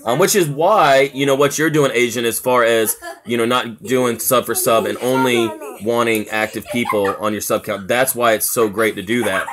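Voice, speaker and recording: A man's voice: mid-range voice, moderate pace, few pauses, a crowd in the background. A man from South Carolina, chatting casually on a live stream at home, rambling with lots of filler words and reading out chat comments. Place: home, with family noise around.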